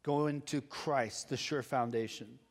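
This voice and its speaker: A man's voice: mid-range voice, steady tone, takes it slowly. A male pastor preaching a sermon, earnest and building to urgent exhortation. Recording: long hall reverb.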